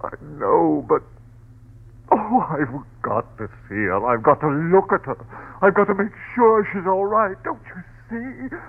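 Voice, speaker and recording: A man's voice: high voice, expressive, a little slow, exaggerated voice. An actor playing a desperate husband losing his nerve, stammering and crying out, in a 1940s radio play on a tinny old recording. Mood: anguished. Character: desperate husband unravelling with horror.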